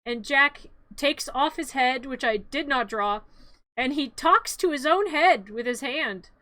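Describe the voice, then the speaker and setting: A woman's voice: high voice, animated, a little slow, pushed and bright, dry recording. A woman streamer casually and comically narrating her own drawings, rambling, giggling and talking back to them.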